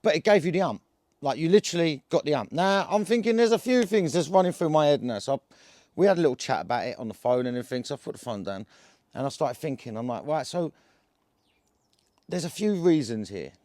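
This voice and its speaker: A man with an Essex accent and a somewhat high voice rambles through a casual story to camera. He is full of slang and filler and keeps restarting his sentences. The sound is dry and close, with no room echo. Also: expressive, fast talker, a little mellow. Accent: Essex English. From England. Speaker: cannabis vlogger.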